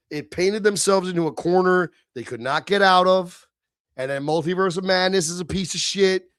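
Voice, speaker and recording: Profane ranting middle-aged man, higher voice. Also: no room sound, studio quality. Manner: profane, heated and sneering. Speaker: livestream host. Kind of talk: ranting livestream monologue.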